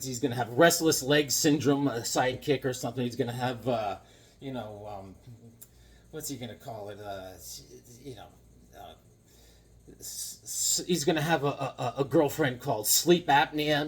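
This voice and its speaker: A man hosting a comic book video, chatting casually to camera with lots of fillers, asides and jokes. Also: medium pitch. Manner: rambling, joking, lots of fillers and puns. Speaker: comic book channel host.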